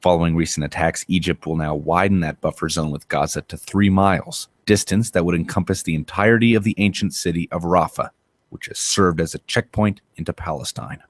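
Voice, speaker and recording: A male radio newsreader with a deep, low voice. He reads steadily and evenly, keeping a composed broadcast tone throughout. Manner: measured, even newsreader delivery. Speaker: news segment host. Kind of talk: read news report.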